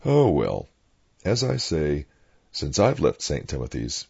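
A man's voice: rumbling low, wildly swooping pitch, slow pace, gravelly, a little mellow, slightly rough. An older man, a former church leader, recalling parish life in a blunt, opinionated storytelling manner for an oral history. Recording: dull lo-fi recording.

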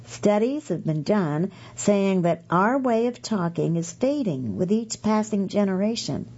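A woman's voice: medium pitch, expressive, unhurried, warm tone, husky, dull audio. A middle-aged woman reading magazine pieces aloud for a podcast, chatty and correcting herself with asides.

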